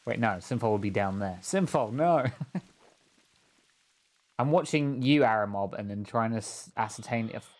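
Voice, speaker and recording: A man's voice: on the low side, unhurried, long pauses, a little mellow. A man joking and rambling in casual banter while playing a game with a friend on a stream, laughing often. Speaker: co-player on a stream.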